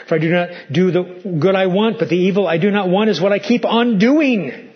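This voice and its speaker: Male pastor, sermon, fairly high voice, muffled lo-fi recording, animated preaching. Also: fairly quick. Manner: animated preaching, swinging from loud to hushed.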